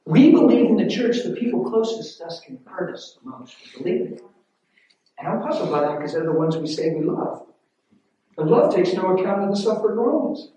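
A man preaching a sermon, telling a personal story in a hushed voice and rising into loud, emphatic preaching. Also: high-pitched, animated, fairly quick, highs cut off. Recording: echoey room, voice from far off.

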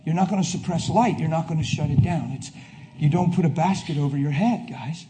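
Man preaching a sermon, high-pitched voice, fervent, shouting then hushed, faint background noise. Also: brisk.

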